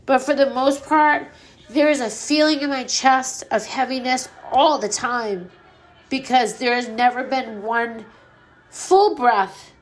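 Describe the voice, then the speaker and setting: A woman's voice: sits high, fairly even intonation, takes it slowly. A middle-aged woman hosting her own podcast, speaking candidly and earnestly about grief, swearing freely. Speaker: podcast host. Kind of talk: personal grief podcast monologue.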